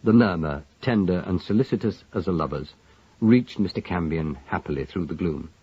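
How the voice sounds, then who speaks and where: A man narrating a mystery story in an expressive, measured way, with a husky voice, on a dull lo-fi recording. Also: low-pitched, dry recording. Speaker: audiobook narrator.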